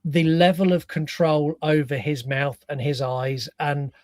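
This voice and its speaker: A man's voice: a little high, measured pace, dry recording, clean studio sound. A man co-hosting a podcast, chatting casually about a film and acting out his reactions as he tells it. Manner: animated storyteller, acts out reactions. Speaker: podcast co-host.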